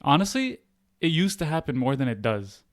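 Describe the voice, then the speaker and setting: A young American man telling a story in casual podcast chat, acting out the voices of others with big jumps in pitch. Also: moderate pace, dry recording, studio quality. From United States. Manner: animated, acts out quotes with big pitch jumps. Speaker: podcast guest.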